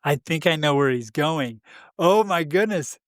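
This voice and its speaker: A man's voice: a little high, measured pace, dry recording. The man speaks in a slightly raised register and tells his story with animation, voicing the other people in it and breaking into laughter. The sound is dry and close, with no room around it. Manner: animated, acts out quoted dialogue, laughs often. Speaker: podcast co-host. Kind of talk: casual conversational storytelling.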